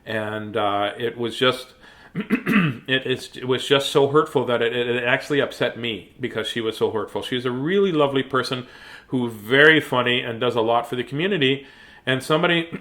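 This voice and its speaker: A man in the middle of the usual pitch range talks warmly and plainly to children watching at home. He is earnest and gentle, pausing often with filler words. He sounds a little choked up as he speaks. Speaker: children's story reader and host. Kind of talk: reading aloud to kids, then heartfelt talk.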